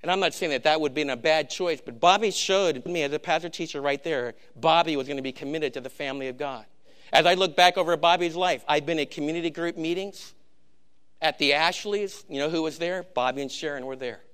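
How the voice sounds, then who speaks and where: A middle-aged male pastor preaching a sermon, telling a personal story and swinging between hushed moments and loud, emphatic passages. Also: fairly high pitch, fairly quick, clear, resonant tone.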